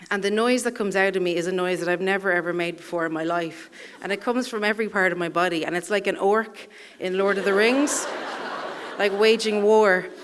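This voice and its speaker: A woman's voice: medium pitch, a bit bright, a little hiss or hum. A woman telling a personal story live on a theatre stage, in a wry, self-deprecating way, chuckling through her lines.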